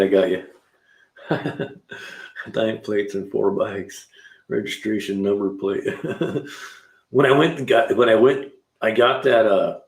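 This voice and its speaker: Gravelly-voiced man rambling in an echoey garage. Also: on the low side. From California. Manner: rambling, talkative storyteller with slang. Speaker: live stream host. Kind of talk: casual chat, telling stories and answering chat. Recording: roomy echo.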